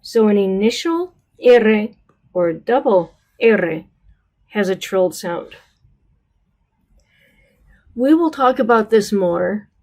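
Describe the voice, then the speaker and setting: This American-accented Spanish teacher has a mid-range, slightly mellow voice with lively intonation. She gives a slow, careful pronunciation lesson, pausing often, stretching model words and asking "right?" along the way.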